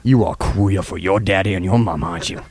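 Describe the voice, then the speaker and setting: A man hosting a crude comedy radio show in a put-on Southern accent, drawling and mocking, breaking into sudden high yelps. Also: fast talker, darkish tone. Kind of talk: crude comic radio banter in a character voice.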